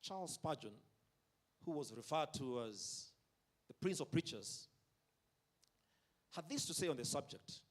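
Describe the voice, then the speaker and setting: A man's voice: on the high side, lively intonation. A man preaching a sermon at a concert, emphatic, drawing out key words and having the audience repeat lines after him. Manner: emphatic, drawn-out delivery with call-and-response. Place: concert venue.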